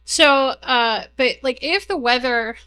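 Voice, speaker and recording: A young woman speaks at a tech conference in a bright, forceful voice, rambling casually with plenty of fillers and wry asides. Her voice comes through a stage mic over a faint mains hum. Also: high-pitched, slow pace, clean tone. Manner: chatty, heavy use of "like" and "um", self-deprecating asides. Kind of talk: casual technical conference talk. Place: conference room, live talk. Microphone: stage mic, moves away while walking to slides.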